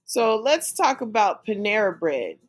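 A woman co-hosting a casual chat, giving her opinions in a conversational way with halting restarts. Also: mid-range voice, sing-song. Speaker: podcast co-host.

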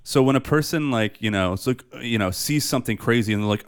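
A man's voice: lowish voice, animated, fairly quick, few pauses, smooth. A man co-hosting a podcast, chatting casually and enthusiastically about movies, loose and profane with lots of fillers. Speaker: podcast co-host. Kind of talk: casual movie review chat.

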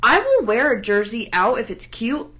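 A woman's voice: a little high, very animated, pushed and bright. A woman from the Northeastern US with a slight Northern accent, co-hosting a podcast in blunt, opinionated casual chat. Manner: blunt, opinionated, quick to complain. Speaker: podcast co-host.

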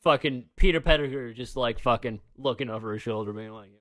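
A man's voice: medium pitch, fairly quick, hardly any pauses, a bit bright, no echo, clean studio sound. A man co-hosting a podcast in casual chat, rambling and swearing now and then, laughing often. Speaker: podcast co-host.

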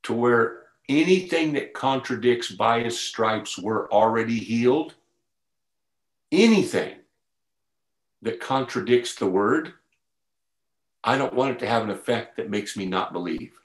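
A man's voice: medium pitch, measured pace, echoey room, poor audio. A man preaching a sermon over a video call, conversational at first and building to a fervent retelling. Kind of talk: sermon to an online group.

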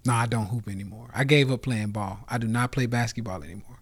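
A man's voice: medium pitch, brisk. Brash, swaggering man ranting. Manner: brash, swaggering, profane, calls out to the audience. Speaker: host of a live motivational rant. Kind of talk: casual motivational rant. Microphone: phone on a live stream.

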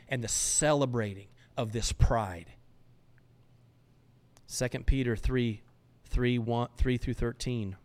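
A man's voice: mid-range voice, darkish tone. A man hosting a podcast, preaching an emphatic, fervent monologue and reading scripture. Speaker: podcast host.

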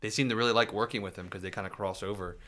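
A man's voice: on the low side, fairly even intonation, very fast, pushed and bright. A man co-hosting a podcast, talking casually and hesitantly with many restarts. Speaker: podcast co-host. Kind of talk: casual chat.

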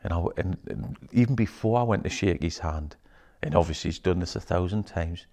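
A man telling a personal story in casual talk, swearing freely and dropping to a hushed whisper when quoting others. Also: low-pitched, fairly quick.

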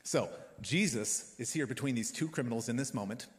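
A man delivers a sermon as a pastor, loose and conversational, dropping jokes between points. His voice sits at an ordinary pitch and carries a long reverb, as if spoken in a big hall. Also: brisk. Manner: casual, joking, conversational preaching.

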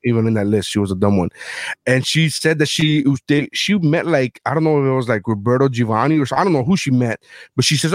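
A man's voice: mid-range voice, fairly quick, no room sound. A middle-aged man hosting a casual talk show, telling profane stories with lots of energy. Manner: profane storytelling, animated. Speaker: podcast host. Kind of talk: casual chat.

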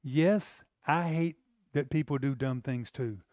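A man's voice: mid-range voice, slow pace, a little mellow, no room sound, studio quality. A man preaching a sermon as pastor, in an emphatic, exclamatory, conversational way.

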